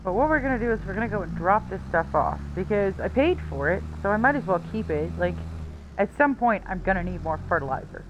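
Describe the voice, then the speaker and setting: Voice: mid-range voice, animated, fast, lo-fi sound, noisy background. A live streamer giving casual gameplay commentary, chatting to themself and tossing in playful silly words.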